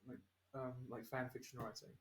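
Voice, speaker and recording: A man's voice: medium pitch, flat delivery, a little fast, a bit bright. A young man on a podcast telling stories in casual chat, swearing a lot and laughing as he talks. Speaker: podcast co-host. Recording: echoey room.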